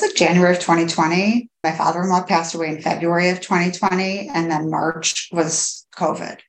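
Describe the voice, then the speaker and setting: A woman in her thirties, a podcast guest, speaking candidly and haltingly with many fillers and restarts. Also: on the low side, vocal fry. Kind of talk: candid personal interview. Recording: echoey room.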